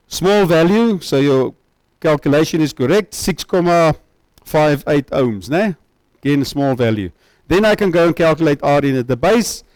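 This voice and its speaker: A man's voice: fairly high pitch, a little mellow, no room sound, poor audio. A man giving a university lecture, often checking that students follow with tag questions.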